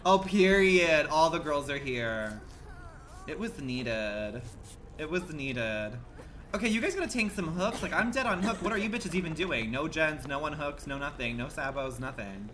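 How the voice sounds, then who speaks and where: A man livestreaming a game in campy, slangy commentary that swings between loud outbursts and low mutters. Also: lively intonation, normal speed, slight background noise. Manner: campy and dramatic, full of slang. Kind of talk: live gameplay commentary. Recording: loud game music under the voice.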